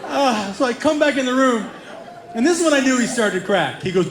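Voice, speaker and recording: A man's voice: very high-pitched, expressive, fairly quick. A man doing stand-up, telling a long story and acting out the voices in it. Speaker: stand-up comedian. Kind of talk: stand-up storytelling to a live audience. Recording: echoey stage with loud crowd laughter.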